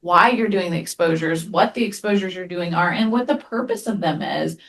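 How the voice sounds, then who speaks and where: A woman therapist presenting a webinar in a conversational way. She tells lively anecdotes and often adds "right?" as she talks. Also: on the low side, normal speed, vocal fry. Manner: animated storyteller, frequent "right?" tag questions.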